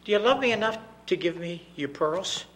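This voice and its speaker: A man voicing a gentle, patient father who speaks softly and tenderly. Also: sits high, normal speed, voice pushed up. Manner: soft, tender, calm.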